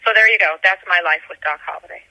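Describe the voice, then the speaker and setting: A woman's voice: fairly low pitch, fast, bright, forceful tone, dry recording, low-quality recording. A woman author from Georgia, telling stories in a casual interview. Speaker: author and guest.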